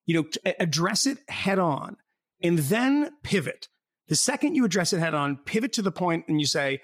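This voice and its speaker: A man's voice: high voice, sing-song, moderate pace, dry recording, clean studio sound. A man in casual political chat, rambling and sardonic, often breaking into laughter.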